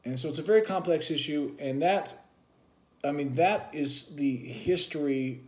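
A man's voice: fairly high pitch, unhurried. A man co-hosting a vlog, talking casually and musing at length in a loose, rambling explanation. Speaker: vlog co-host.

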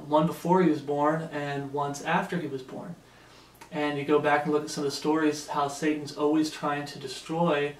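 Emphatic preaching man, echoey and distant. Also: a little high. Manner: emphatic, repeatedly asking "Okay?". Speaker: Bible teacher. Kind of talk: sermon-style Bible teaching. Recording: echoey room, mic set far off.

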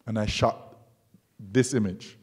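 Guy from jamaica giving a museum talk, lively storyteller, acts out the voices in his stories. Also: lowish voice, takes it slowly, slightly rough. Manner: animated storyteller who acts out dialogue. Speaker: guest speaker, documentary photographer. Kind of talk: public artist talk, storytelling. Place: museum lecture hall.

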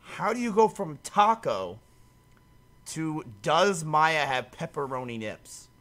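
A man streaming casually, talking to his chat in an animated way and swearing freely. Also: on the high side, slow pace. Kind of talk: casual livestream commentary.

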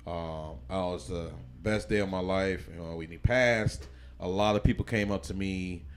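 A man's voice: low-pitched, normal speed, slight background noise. A man from Chicago, a podcast guest, telling his life story in a loose, rambling way with many restarts and fillers. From Chicago, USA. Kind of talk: casual interview storytelling.

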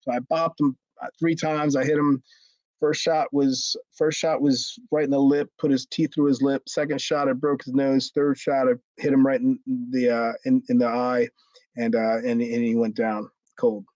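A man's voice: medium pitch, moderate pace, no echo, highs cut off. Man telling a rowdy backstage story. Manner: animated, acts out quotes with raised voice, frequent restarts and swearing. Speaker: former wrestler telling a story. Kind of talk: casual storytelling interview.

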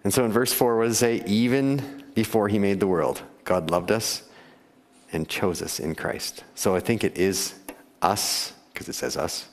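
A man's voice: lowish voice, moderate pace. A man preaching a conversational sermon to his congregation, often laughing and asking them questions. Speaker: pastor. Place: church sanctuary. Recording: church hall with long reverb.

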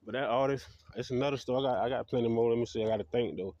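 A man's voice: medium pitch, racing, warm tone, dry recording, highs cut off. A man telling his dream stories in a rambling, profane monologue, laughing at his own tales. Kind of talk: casual storytelling monologue.

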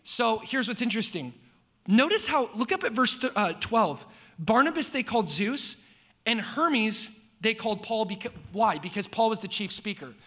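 A man preaching a sermon to a church congregation in a casual, slangy way, with big swings in pitch and loudness. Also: lively intonation, moderate pace. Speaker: pastor. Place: church sanctuary before a congregation.

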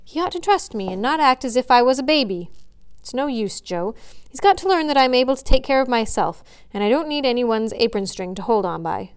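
A woman's voice: a little high, very animated, brisk, clean tone. A woman reading aloud as a sulky, hot-tempered young man, indignant and defiant.

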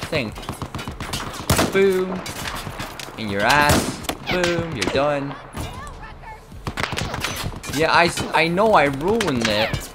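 Male gaming host, unhurried, self-mocking banter over loud game gunfire. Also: medium pitch, very noisy. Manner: joking, self-mocking banter while playing. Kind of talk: let's play commentary.

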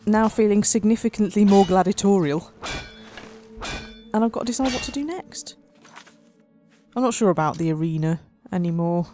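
A woman's voice: medium pitch, moderate pace, long pauses, mellow, faint music behind. A woman hosting a let's play, commenting on the game in a playful mock-dramatic way and laughing often. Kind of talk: gameplay commentary.

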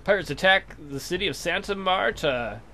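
A man's voice: high voice, expressive, normal speed, bright, forceful tone, slight background noise. A young man casually commentating as he plays a game, crude and joking, trash-talking the enemy ships. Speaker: let's play commentator.

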